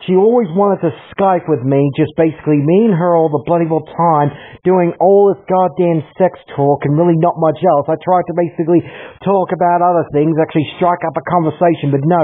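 A man in a heated, swearing rant aimed at others, repeating 'bloody well'. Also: on the high side. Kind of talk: angry rant addressed to others. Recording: tinny phone-like audio.

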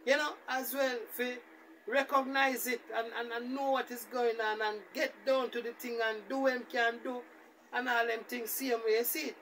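High gravelly Jamaican man, rambling. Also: normal speed, far from the mic, a little hiss or hum. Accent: Jamaican Patois. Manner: rambling, repetitive, animated retelling. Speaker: vlogger. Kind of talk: casual storytelling monologue.

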